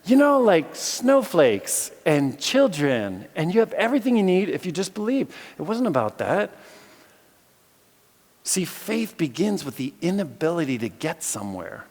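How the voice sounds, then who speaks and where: Animated male preacher in an echoey hall. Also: fairly high pitch, measured pace. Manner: lively storytelling, acts out voices in the story. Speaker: philosophy teacher giving a chapel message. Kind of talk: sermon. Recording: echoey hall with long reverb.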